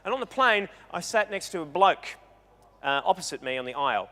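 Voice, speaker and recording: A man speaks as a guest at a live talk event in a hall with an audience, telling comedic stories stand-up style in a bright, edgy tone. His high voice runs a little fast, and he's animated and joking, rambling loosely and interrupting himself, with the hall's reverb audible.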